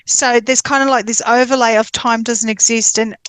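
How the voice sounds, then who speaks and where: A woman's voice: fairly high pitch, fairly even intonation, normal speed, a bit bright, no echo. Australian woman asking careful clarifying questions. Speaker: podcast host. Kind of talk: casual podcast interview.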